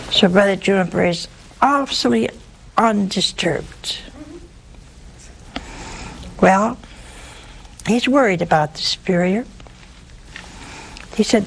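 A woman preaching, her throat sore, who tells her story with lively humor and animated pacing. Her voice sits at a middle pitch, with faint noise in the background. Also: slow pace, vocal fry, long pauses, low-quality recording. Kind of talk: sermon storytelling.

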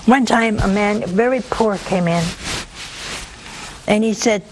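A woman's voice: medium pitch, slow pace, pauses often, a little hiss or hum, rough recording. A woman with a sore throat telling an audience the story of a saint, breaking in with homely, humorous asides. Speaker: religious storyteller.

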